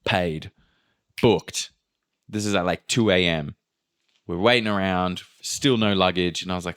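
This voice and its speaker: Deep-voiced man telling a story. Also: unhurried, clean tone. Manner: animated, acts out quotes with sudden jumps in pitch; swears casually. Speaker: podcast guest telling a travel story. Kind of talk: casual storytelling chat.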